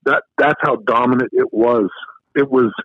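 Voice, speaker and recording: A man's voice: mid-range voice, steady tone, normal speed, no room sound. A man co-hosting a sports radio talk show, speaking emphatically with frequent restarts. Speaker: co-host. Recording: tinny phone-like line.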